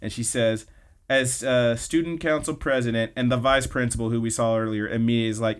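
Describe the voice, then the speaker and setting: A man's voice: medium pitch, fairly even intonation, brisk, smooth. Male podcast co-host, loose and chatty, lots of "like" and "uh". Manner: rambling, filler-heavy retelling. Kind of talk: casual anime recap chat.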